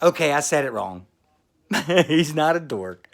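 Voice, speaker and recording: A former pro wrestler, a man, giving a loud congratulatory shout-out in a hollering, sing-song manner. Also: a little high, animated, unhurried. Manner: hollering, sing-song, calls everyone brother. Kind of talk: loud congratulatory video message.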